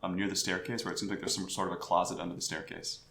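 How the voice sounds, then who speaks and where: A man narrating a tabletop game as game master, unhurried, with frequent ums and restarts. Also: sits low, little pitch movement, a bit bright. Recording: roomy home recording.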